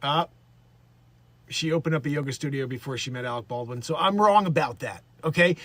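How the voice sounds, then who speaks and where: A man's voice: high voice, animated, a little fast, a bit bright, dry recording. A man hosting a live stream, chatting casually in a rambling, jokey way, laughing at his own bits. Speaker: livestream host.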